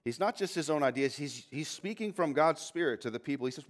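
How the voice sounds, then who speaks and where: In a church sanctuary, a lead pastor with a slightly high voice preaches a little fast with few pauses. The sermon is animated and full of restarts and tangents, and he raises his voice to read scripture.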